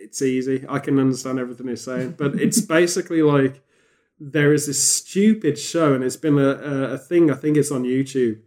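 A man chatting on a podcast, rambling and animated, with frequent restarts. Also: medium pitch, moderate pace. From England. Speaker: podcast host. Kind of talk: casual podcast chat.

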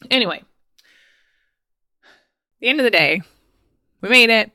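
A woman's voice: a little high, animated, unhurried, pushed and bright, no room sound, clean studio sound. A woman in her thirties, a podcast host, telling a personal story in a casual, chatty way with frequent laughs and fillers. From United States.

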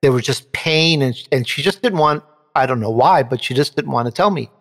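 A male show host telling a personal story in an interview, animated, and he jumps up in pitch when he quotes someone. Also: fairly quick, big-room sound.

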